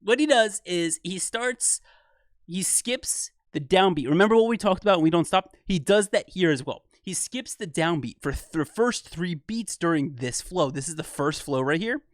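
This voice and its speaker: A young man hosting a music reaction channel, casually breaking down rap rhythms with excitement, laughing often and correcting himself as he goes. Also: a little high, no echo, studio quality.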